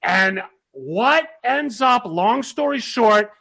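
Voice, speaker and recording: High, gravelly man telling a story. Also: slow. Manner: animated, laughs often, shouts when quoting himself. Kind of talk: casual storytelling.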